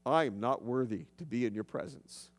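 A preacher speaking as a plainspoken fisherman in a lowered, hushed voice. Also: animated, normal speed, natural voice. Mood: awed. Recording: long reverb of a large hall.

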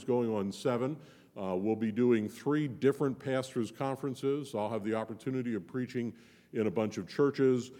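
A man's voice: mid-range voice, dark tone. A man giving a sermon as a visiting preacher, in a folksy, joking, conversational way. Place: church. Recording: long church reverb.

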